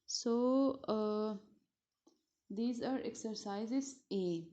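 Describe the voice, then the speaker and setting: A woman teacher from Pakistan giving a school lesson, speaking slowly and repeating words syllable by syllable. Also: on the high side, dark tone. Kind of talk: recorded classroom lesson. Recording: dull lo-fi recording.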